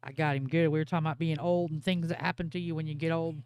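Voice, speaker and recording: A woman's voice: low voice, fairly even intonation, fast, a little mellow, smooth, dry recording. A woman co-hosting a livestream in casual chat, teasing the host and laughing often.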